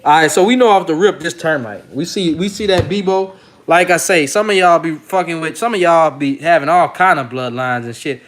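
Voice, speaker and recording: A man hosting a dog-breeding video channel, speaking in a loose, slangy, rambling way. His voice sits a little higher than most men's. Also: brisk. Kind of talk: casual vlog commentary.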